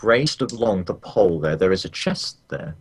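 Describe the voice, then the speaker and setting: A man with a low voice narrates a tabletop game as its game master. His delivery is dry and deadpan, with the odd curse word dropped in. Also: moderate pace, breathy edge.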